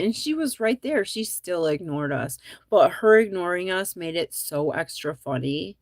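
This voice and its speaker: A woman's voice: on the low side, animated, normal speed, few pauses, no echo, clean studio sound. A woman comedian hosting a show, chatting casually and rambling, often laughing at her own jokes. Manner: rambling with many likes and ums. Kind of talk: casual chat to viewers.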